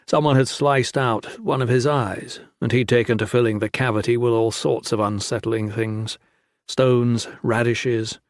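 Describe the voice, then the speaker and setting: In a mid-range voice, a man narrates a fantasy audiobook with calm, measured storytelling. The recording is studio quality with no room sound.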